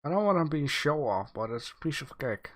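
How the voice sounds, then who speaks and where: A man hosting a livestream, giving relaxed art feedback with many fillers, thinking aloud as he goes. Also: a little high, fairly quick. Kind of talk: casual livestream commentary.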